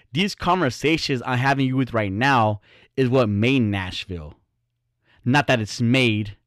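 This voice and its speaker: A man hosts his own podcast, ranting bluntly on his own in a casual, profane, rambling way. His voice is medium-pitched, and the studio-quality recording has no echo.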